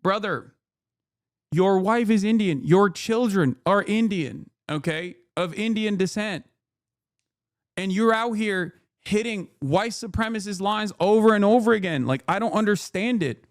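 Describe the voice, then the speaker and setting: A man's voice: high-pitched, measured pace, no room sound. Profane, exasperated male streamer, dry close sound. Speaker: streamer host. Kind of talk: casual reaction commentary.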